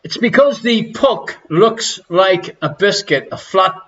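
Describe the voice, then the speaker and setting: An Irish man hosts a live-streamed pub quiz from his living room, reading out questions between teasing, crude jokes. His voice sits high and sounds animated, slow, and fairly bright, with lo-fi audio.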